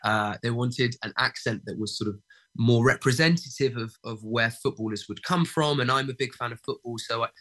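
A man's voice: mid-range voice, normal speed, sharp tone. A young man, an actor, chatting in an interview, hesitant and full of fillers and restarts. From England. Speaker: actor guest. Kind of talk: casual interview chat.

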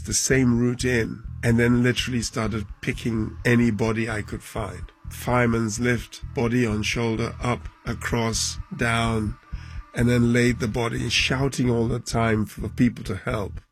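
A man, a football club chairman, recounting events in a documentary interview, halting and emotional, his voice dropping low at times. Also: little pitch movement, slightly rough, soft background music.

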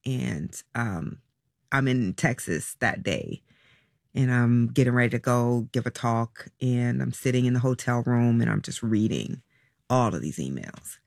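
A woman being interviewed as a parent, talking in a halting, reflective and soft-spoken way about personal choices. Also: very deep voice, expressive, vocal fry, dry recording, clean studio sound. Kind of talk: emotional personal recollection.

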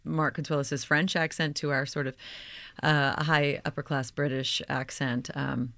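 This is a woman from Oklahoma with a low voice, speaking as an actor guest. She talks animatedly and fills her sentences with you-knows and ums. The recording is dry and close. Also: measured pace, dry recording. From Oklahoma, United States. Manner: animated, chatty, with frequent fillers. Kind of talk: conversational interview.

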